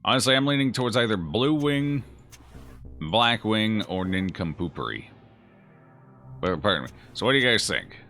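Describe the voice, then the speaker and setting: A man's voice: lowish voice, expressive, normal speed, pauses often, sharp tone, soft background music. A man streaming a game, chatting casually and jokingly as he reacts aloud to his chat. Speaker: gaming streamer. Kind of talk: casual let's-play commentary answering chat.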